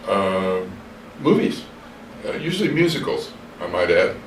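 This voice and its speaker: A man's voice: sits low, sing-song, measured pace. An older man being interviewed, telling stories from his past in a rambling, hesitant way, full of fillers and self-corrections. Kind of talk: reflective storytelling interview. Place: hotel room. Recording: echoey room, distant mic, faint hiss.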